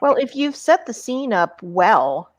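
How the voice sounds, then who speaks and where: A woman's voice: fairly high pitch, very animated, takes it slowly, no room sound. A woman from Texas speaking as an author on a live panel, explaining with confidence.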